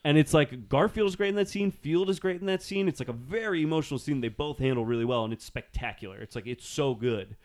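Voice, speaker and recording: A man's voice: a little high, fast talker, few pauses, darkish tone. A man co-hosting a podcast, telling a story with eager, laughing enthusiasm in casual chat. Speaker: podcast co-host.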